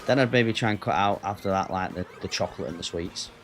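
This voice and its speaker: A man's voice: sits low, fast talker, faint music behind. A man with an English accent chatting casually with his viewers as a gaming streamer, rambling and answering the chat.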